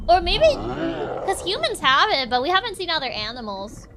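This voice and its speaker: A woman's voice: very high-pitched, big pitch swings, normal speed, background noise. A woman streamer giving casual let's-play commentary, chatty and thinking aloud.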